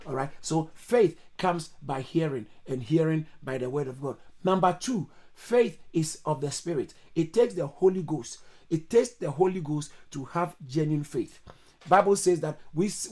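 A male pastor preaching a sermon to an online church service, emphatic, repeating his phrases and breaking into sudden high exclamations. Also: mellow. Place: online church service over video call.

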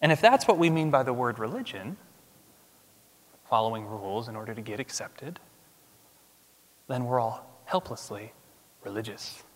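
A man preaching a sermon as pastor, emphatic, swinging from loud declarations to hushed asides. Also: medium pitch, expressive, normal speed, long pauses. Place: church sanctuary. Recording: long reverb of a large hall.

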